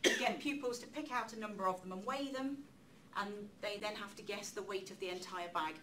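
A woman giving a public talk in a lecture room, lively and chatty, with self-deprecating asides. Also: mid-range voice, brisk. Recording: distant mic with faint room noise.

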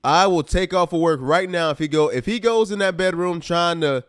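A gaming YouTuber with a voice that sits high does casual let's-play commentary on a life-simulation game at normal speed. The studio-quality audio is clean with no echo, and he sounds animated and exasperated, talking straight to his viewers as "y'all."

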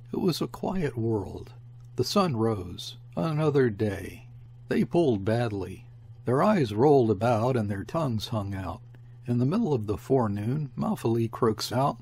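Male audiobook narrator, measured storytelling, gravelly, husky voice. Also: medium pitch, animated, a little mellow. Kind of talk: scripted narration.

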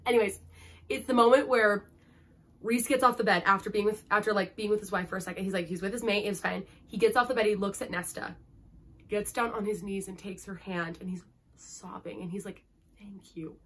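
A woman's voice: medium pitch, steady tone, a little fast, a bit bright, breathy edge. Gushing young woman reviewing a book. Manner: gushing, emotional, heavy use of "like". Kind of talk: casual book review vlog.

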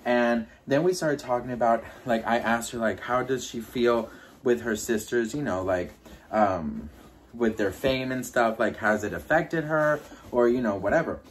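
A man's voice: a little slow, slight background noise. A man chatting casually as he tells a gossipy storytime, full of fillers and asides. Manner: breaks into high-pitched impressions when quoting people. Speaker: YouTuber.

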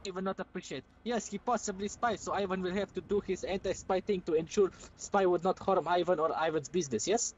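A man's voice: high voice, fairly even intonation, a little fast, hardly any pauses, lo-fi sound, a little hiss or hum, natural voice. A man voicing a scheming male Russian drug cook with a put-on Russian accent, who speaks broken English, calls himself by name and keeps saying yes, yes. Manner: broken English, repeats yes, yes, self-mocking. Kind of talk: role-play in a driving game.

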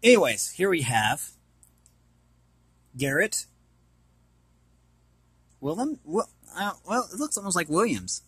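A man's voice: high-pitched, big pitch swings, slow, long pauses, a bit bright, breathy edge, no room sound. A man casually reading an art book aloud and commenting, hesitant and apologetic as he stumbles over names.

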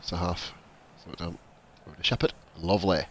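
Excitable low-voiced man playing a game. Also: a little fast, slight background noise. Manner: excitable, swears, chats to live viewers. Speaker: gaming YouTuber. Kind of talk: casual gameplay commentary.

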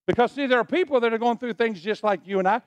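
A man's voice: very high-pitched, quick pace, no echo. A middle-aged male pastor preaching a sermon, leading the congregation in call-and-response. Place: church sanctuary.

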